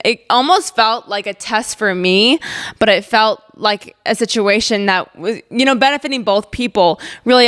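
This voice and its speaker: Young woman podcaster rambling through a story, smooth clear voice, says like a lot. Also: on the high side. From Ozarks, USA. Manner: chatty, many "like"s, candid and expressive. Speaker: podcast host. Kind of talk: casual personal storytelling.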